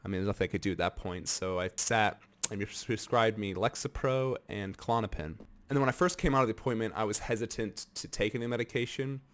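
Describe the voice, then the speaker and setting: Young american man, earnest vlogger, lowish voice, candid storytelling. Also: quick pace, a bit bright. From United States. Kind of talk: candid personal vlog talk.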